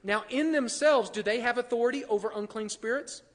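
A man's voice: very high-pitched, fairly quick, in a large hall. A man preaching a sermon in a conversational way, often asking the congregation questions. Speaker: pastor.

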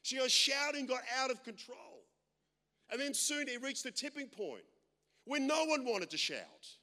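A man preaching a sermon, loud and animated, telling stories with self-deprecating humor. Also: very high voice, a little slow, big-room sound. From Australia. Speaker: pastor. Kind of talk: sermon with storytelling.

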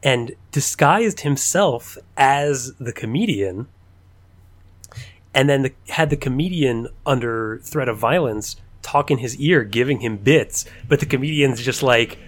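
Animated laughing male podcast co-host. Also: mid-range voice, unhurried. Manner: animated storyteller, laughs often. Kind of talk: casual chat.

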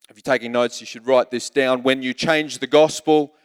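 A man's voice: mid-range voice, fairly even intonation, normal speed, clean tone, big-room sound. A man preaching a sermon as pastor, emphatic, repeating words as he builds a point.

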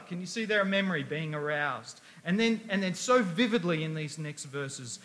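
A man's voice: high-pitched, expressive, moderate pace, hardly any pauses, a bit bright. A man preaching a sermon, emphatic, asking rhetorical questions and reading scripture aloud.

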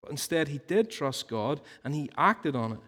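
Preacher in a reverberant church hall. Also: male voice, a little high, very animated, moderate pace, fairly bright tone. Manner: earnest teaching tone, explains with stories and rhetorical questions. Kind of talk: sermon. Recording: long reverb of a large hall.

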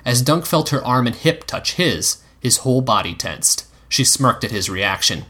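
A man's voice: mid-range voice, lively intonation, moderate pace, bright, forceful tone. A man narrating a story aloud, reading expressively and giving the characters voices. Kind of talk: reading fan fiction aloud.

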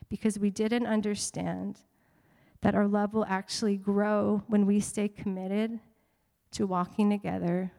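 A woman pastor preaching a sermon to a congregation, animated and playful, with teasing asides. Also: medium pitch, gravelly, long reverb tail. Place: church sanctuary.

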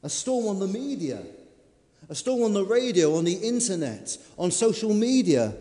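A man preaches in a storytelling way, leaning hard on his words and then easing off. His voice is mellow and a little higher than usual for a man. It rings out with a long reverb, like in a big hall. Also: very animated, moderate pace. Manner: storytelling, dramatic, varied emphasis. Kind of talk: sermon.

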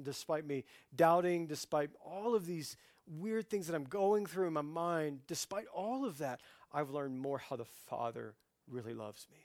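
A man in his forties preaching a casual, conversational sermon, his voice sitting a bit high for a man. He swings between near-whispered stretches and loud, animated bursts. The sound is dry and close. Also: dry recording. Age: 40s. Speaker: pastor.

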